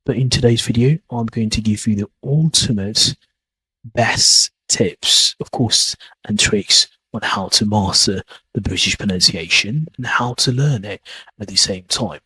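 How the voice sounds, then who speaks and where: A man's voice: medium pitch, a bit bright, slightly rough, no echo, low-quality recording. A man hosting a podcast lesson, talking casually and rambling as he repeats his points. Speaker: accent teacher. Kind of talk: casual teaching monologue.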